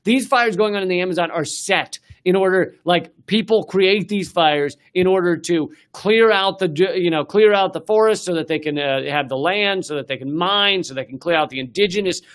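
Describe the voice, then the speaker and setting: A man's voice: high-pitched, normal speed, a bit bright. A man hosting a comedy news show, delivering a sarcastic, profane political rant with lots of fillers and restarts. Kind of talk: ranting political comedy monologue.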